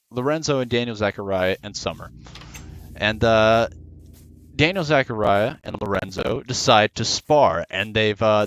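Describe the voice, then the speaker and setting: A man's voice: on the low side, a bit bright, clear, resonant tone. A young man telling a long rambling story casually while gaming, full of fillers. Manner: rambling, lots of "you know" and "uh".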